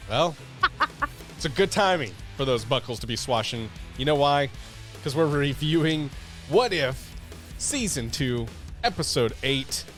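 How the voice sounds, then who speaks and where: A man hosting a podcast in a casual, playful, jokey and energetic way. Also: on the high side, unhurried, faint music behind. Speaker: podcast host.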